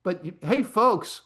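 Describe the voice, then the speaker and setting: Male podcast host, slightly high voice, casual rambling chat, lots of fillers. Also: pushed and bright. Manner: rambling, conversational storyteller with frequent fillers.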